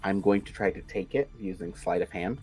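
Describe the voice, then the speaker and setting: A man's voice: sits low, brisk, a little mellow, slightly rough, faint music behind. A man playing a tabletop role-playing game, chatting casually and thinking aloud with hesitations. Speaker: player.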